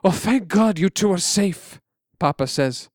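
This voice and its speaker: A man's voice: high-pitched, lively intonation, measured pace, darkish tone, no room sound, studio quality, pitched above the performer's own voice. A man playing a relieved, proud father welcoming his sons home. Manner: emotional, heartfelt.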